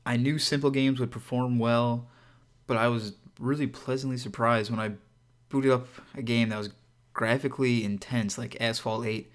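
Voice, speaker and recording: A man's voice: medium pitch, fairly even intonation, moderate pace. Upbeat man reviewing a phone. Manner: conversational, upbeat and direct, with frequent asides to viewers. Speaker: tech reviewer and channel host. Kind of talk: casual product review.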